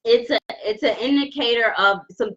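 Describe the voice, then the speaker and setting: A woman's voice: on the high side, dull audio. Emotional woman reading tarot cards live. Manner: warm, emotional, halting with many restarts. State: holding back tears. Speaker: tarot reader. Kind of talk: live-stream card reading.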